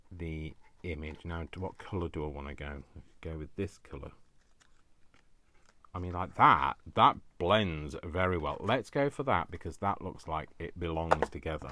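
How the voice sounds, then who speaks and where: Male craft host, very low voice, chatty self-talk with jokey asides. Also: a bit bright. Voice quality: deep voice. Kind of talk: thinking aloud while crafting.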